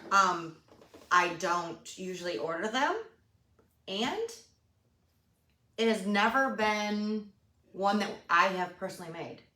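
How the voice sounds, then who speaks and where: A woman's voice: medium pitch, lively intonation, takes it slowly, pauses often, bright, forceful tone, distant mic. A woman co-hosting a homebrewing show, making dry, wry remarks in casual chat. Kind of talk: casual chat while tasting beer. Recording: echoey room, a bit off mic.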